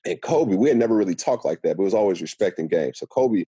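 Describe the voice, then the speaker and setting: Fast-talking man with a husky low voice. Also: no room sound. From Seattle. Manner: animated storyteller acting out quotes. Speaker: guest. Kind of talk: casual podcast storytelling.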